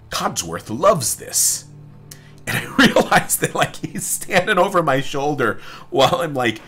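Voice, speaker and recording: A man's voice: medium pitch, a bit bright, husky. A man giving rambling, joking let's-play commentary while playing, swearing casually. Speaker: gamer.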